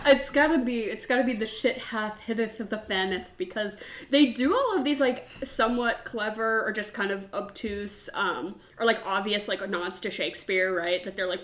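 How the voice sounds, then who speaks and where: A woman co-hosting a casual podcast chat, animated and laughing, swearing offhandedly and full of "like" fillers. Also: medium pitch, moderate pace, roomy sound. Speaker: podcast co-host.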